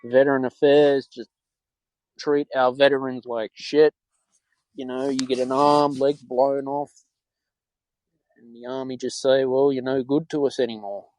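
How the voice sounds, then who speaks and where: A man's voice: mid-range voice, flat delivery, a little slow, long pauses, a little mellow, no echo, rough recording. Fed-up Australian man ranting solo. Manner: rambling, frustrated, repeats himself. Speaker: podcast host. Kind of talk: solo opinion talk.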